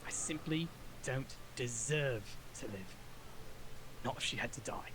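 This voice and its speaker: A man voicing a proud, guilt-ridden gentleman. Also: medium pitch, unhurried, background noise, natural voice. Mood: bitter, guilty. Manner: clipped, formal phrasing. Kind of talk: reading a visual novel aloud.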